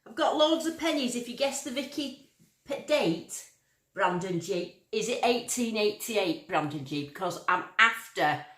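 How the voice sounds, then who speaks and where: A woman's voice: mid-range voice, expressive, measured pace, fairly bright tone. Chatty woman in an echoey room. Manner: chatty and bubbly, greeting viewers one by one. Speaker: livestream host. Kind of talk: casual live chat reading out viewer names.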